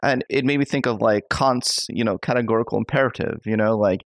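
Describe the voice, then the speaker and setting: Gravelly-voiced male podcast host. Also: fairly low pitch, a little fast, dry recording. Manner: enthusiastic, thinks aloud with many fillers. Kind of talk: conversational interview.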